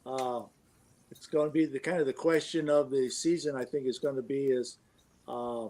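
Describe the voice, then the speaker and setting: A man in a casual sports chat, hesitant and pausing often with fillers. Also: mid-range voice, fairly even intonation, dark tone. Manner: hesitant, many uh pauses.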